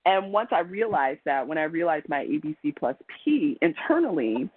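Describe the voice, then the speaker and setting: A man's voice: on the high side, sing-song, moderate pace, breathy edge, no echo. A man presenting a webinar as a trainer, speaking in a chatty, conversational lecture style with frequent ums and restarts over a video call. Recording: tinny phone-like call audio.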